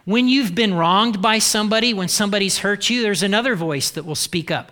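Animated, bright-voiced male preacher. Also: sits high, normal speed, few pauses. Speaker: pastor. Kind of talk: sermon.

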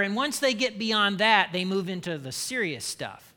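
An American pastor with a high-pitched, sharp-toned voice preaches a conversational sermon at a moderate pace, barely pausing. He's playful, teasing and joking with his congregation, and the recording carries a long hall reverb.

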